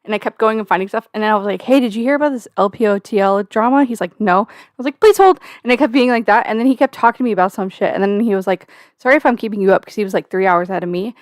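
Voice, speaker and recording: Talking very fast in a mid-range voice, a young livestream host rambles and jokes from home, swearing plenty and leaning on filler words. The recording is dry, with studio quality.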